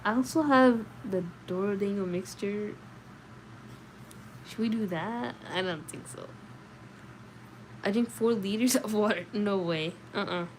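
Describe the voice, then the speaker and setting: Late at night, a woman reads from a novel and drifts into casual chat between passages, replying to chat comments in a sleepy, talkative way. Her mid-range voice moves unhurriedly with frequent pauses, and the poor audio carries slight background noise.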